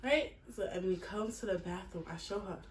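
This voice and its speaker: A woman in her twenties, medium-pitched and brisk, casually retells a personal story in a blunt, profane, animated way, swearing throughout. The room is echoey, the mic sits far away, and there's a faint hiss.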